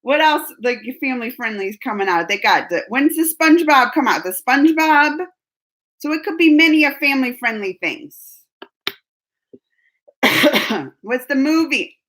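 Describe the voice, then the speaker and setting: A young adult woman with a high voice hosts a casual livestream, answering questions from viewers at a moderate pace and pausing often. She's animated and chatty, laughing a lot and frequently restarting her sentences.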